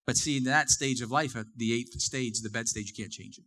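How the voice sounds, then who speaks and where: A man's voice: mid-range voice, fairly quick, few pauses, bright, forceful tone. A middle-aged man preaching a sermon in a church, talking to the congregation in a conversational way and repeating phrases for emphasis. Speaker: pastor.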